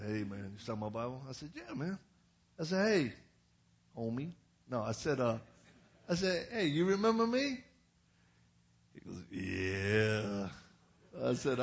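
An older man preaching with a storyteller's flair, jumping into quoted voices and breaking into loud bursts. His pitch sits in a middle range for a man. The recording has a dull, lo-fi sound. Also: vocal fry. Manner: animated, acts out quotes with sudden loud bursts. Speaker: evangelist preacher. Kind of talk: storytelling sermon.

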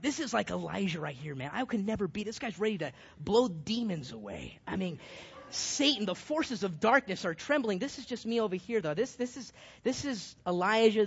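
Man, youth Bible study leader, animated and jokey with shouted emphasis, muffled lo-fi sound. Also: sits high, breathy edge. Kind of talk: lively Bible study teaching with props. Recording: dull lo-fi sound.

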